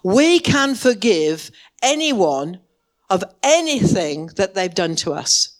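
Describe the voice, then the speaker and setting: Woman preacher, sermon in church, slow and deliberate, wide-ranging melodic delivery, impassioned emphasis. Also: medium pitch, very animated.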